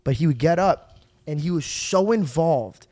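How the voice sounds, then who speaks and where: Animated young man telling stories. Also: fairly high pitch, normal speed, no room sound. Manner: animated, swearing, acts out his father's lines. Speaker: podcast host telling stories. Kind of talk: casual storytelling chat.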